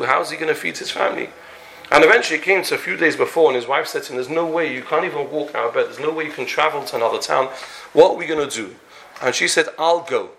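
Animated man telling a story. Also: mid-range voice. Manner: animated storyteller voicing characters, Yiddish and Hebrew terms. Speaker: Torah teacher. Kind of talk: storytelling lecture.

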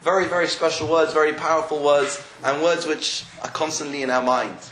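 In a steady, fairly quick and fairly bright voice pitched on the high side, a man leads a class on the weekly Torah portion. His storytelling style includes rising questions, and the echoey room carries faint noise.

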